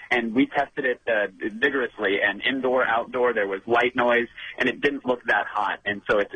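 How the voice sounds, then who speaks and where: A man phoning in as a guest on a radio show, giving quick gadget reviews with sarcastic jokes. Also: medium pitch, fairly bright tone, slightly rough, no room sound, dull audio. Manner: quick, jokey, sarcastic asides. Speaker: tech show host as phone guest. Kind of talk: casual radio phone interview. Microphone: telephone.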